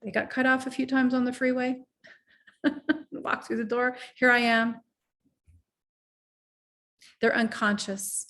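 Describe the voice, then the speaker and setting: This life coach, a middle-aged woman, speaks at a fairly high pitch with a steady and slightly bright tone. Her motivational talk is earnest and reflective, sometimes pausing for guided slow breathing.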